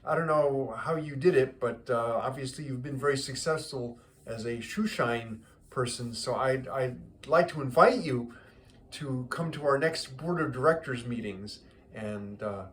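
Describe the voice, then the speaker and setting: Brief: stiffly polite bank executive, as a man puts him on, halting starts. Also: mid-range voice, a bit bright, a little hiss or hum, close to an everyday voice. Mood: formal. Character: puzzled, formal male bank executive.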